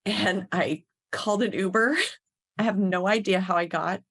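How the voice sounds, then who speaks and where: A woman's voice: medium pitch, steady tone, a little slow, fairly bright tone. A woman guest in an interview, telling a personal story in a candid, earnest way.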